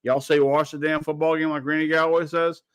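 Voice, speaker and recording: A man running a casual sports radio show, opinionated and rambling, swearing now and then. His voice sits a touch high for a man. The studio sound is dry and close. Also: level tone, brisk, a bit bright, clear, resonant tone, dry recording. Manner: blunt, rambling, swears freely.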